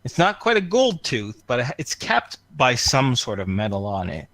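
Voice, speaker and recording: A man's voice: mid-range voice, wildly swooping pitch, a bit bright. A man narrating scenes as game master of a tabletop game, descriptive and full of fillers. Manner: descriptive, filler-heavy, unhurried.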